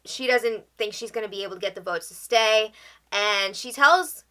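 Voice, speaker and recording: A woman's voice: mid-range voice, normal speed, pushed and bright. A woman hosting a casual reality show recap, chatty and tossing in opinionated asides.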